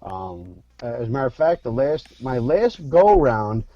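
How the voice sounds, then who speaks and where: A man's voice: mid-range voice, sing-song, measured pace, dry recording, muffled recording. A man from Philadelphia, an actor guesting on a podcast, talking frankly with profanity and telling stories. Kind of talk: candid interview talk.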